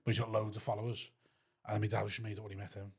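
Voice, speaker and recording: A man's voice: fairly low pitch, flat delivery, racing, vocal fry, a little mellow, husky. A man from Liverpool with a Scouse accent, hosting a podcast in jokey, casual chat and laughing easily. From Liverpool area, England.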